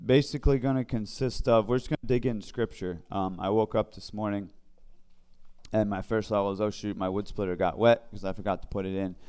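Man, informal devotional teaching, low smooth voice, halting and conversational. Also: fairly even intonation, mellow. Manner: conversational, halting with fillers and restarts. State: briefly emotional. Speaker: Bible study leader.

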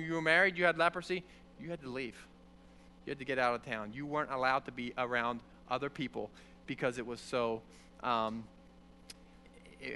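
Animated high-voiced man teaching the Bible. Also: smooth. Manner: conversational, animated, checks in with "okay?". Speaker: preacher.

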